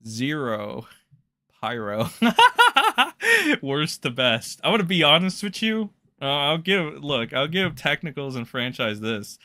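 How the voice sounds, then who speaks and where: A streamer reacting to drama talks in a mid-range, creaky voice with a sharp tone. He rambles loosely through casual, blunt, profane commentary while responding to chat.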